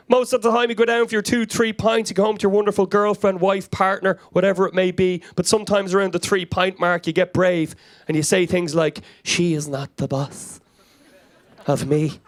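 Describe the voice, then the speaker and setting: A high-pitched Irish man in his thirties tears through a stand-up set on a comedy club stage, talking straight into a handheld mic. His delivery is frenetic and anecdotal, and he keeps pulling the crowd in with questions. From Ireland. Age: 30s. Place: comedy club stage before a live audience.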